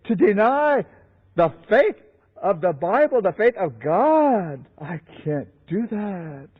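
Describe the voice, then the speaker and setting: A man voicing a steadfast reformer monk who speaks in slow, firm declarations, on a dull lo-fi recording. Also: high-pitched, big pitch swings, slightly rough, in a large hall, exaggerated voice. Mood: resolute.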